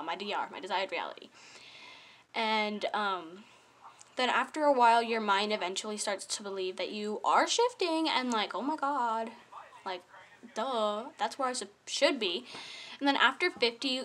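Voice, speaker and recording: Young woman, casual home vlogger; a touch high, rambling, self-correcting, giggly; faint background noise. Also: a bit bright. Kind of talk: casual chatty explanation. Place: home bedroom or living room with TV.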